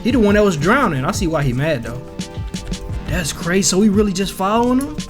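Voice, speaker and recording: A man's voice: high-pitched, sing-song, a little fast. A man giving casual, joking gameplay commentary in slang, with faint game music behind. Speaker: gaming YouTuber.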